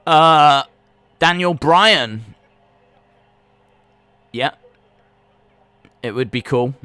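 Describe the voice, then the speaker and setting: Bright-voiced man calling wrestling live. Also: on the high side, very slow, smooth, dry recording. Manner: excited play-by-play, then answers chat questions in a relaxed, rambling way. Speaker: live-stream reaction host. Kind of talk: live wrestling watch-along commentary.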